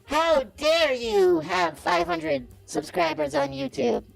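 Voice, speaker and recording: A caller doing a cocky, creaky business guru. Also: very animated, slow, faint music behind, exaggerated voice. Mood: smug. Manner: cocky, evasive and defensive, pitch swinging wildly. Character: boastful self-styled business guru, male, adult. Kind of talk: comedic impression on a call-in show.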